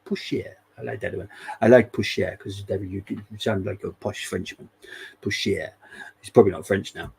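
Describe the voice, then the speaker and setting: A man's voice: fairly low pitch, steady tone, a little fast, vocal fry, a little mellow, breathy edge, rough recording. A man hosting a live football watchalong, chatting casually and wryly and laughing often. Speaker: fan channel host.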